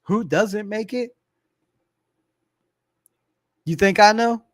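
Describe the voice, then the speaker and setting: A man's voice: high voice, moderate pace, no room sound, clean studio sound. A middle-aged man hosting a sports fan livestream in a casual, laid-back way. He reads viewer comments aloud, laughs often and swears freely. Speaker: fan channel livestream host.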